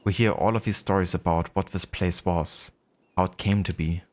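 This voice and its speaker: Gentle, regretful older father, German accent, slow and soft, read by a deep-voiced man. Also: fairly even intonation, lightly acted. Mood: reflective. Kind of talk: reading game dialogue aloud.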